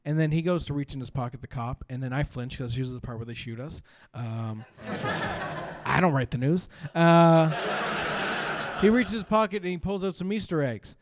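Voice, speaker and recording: A man, doing an animated stand-up set and laughing through his stories at a brewery. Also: on the high side, moderate pace, noisy background. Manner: animated storytelling with bursts of laughter. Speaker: stand-up comedian. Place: brewery stage.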